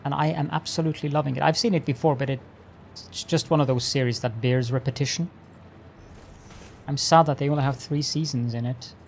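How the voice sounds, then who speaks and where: A man's voice: medium pitch, fairly even intonation, a little fast, creaky, slight background noise. A man streaming a factory-building game, chatting with viewers and talking himself through each step in a mock-formal, playful way. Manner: greets chat with mock-formal politeness. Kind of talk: live-stream gameplay commentary.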